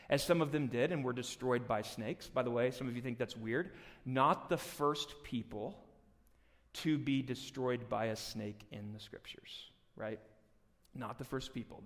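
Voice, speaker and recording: A man preaching a live sermon as pastor, joking and animated, swinging from loud emphasis to hushed near-whispers. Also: fairly high pitch. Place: church hall. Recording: long hall reverb.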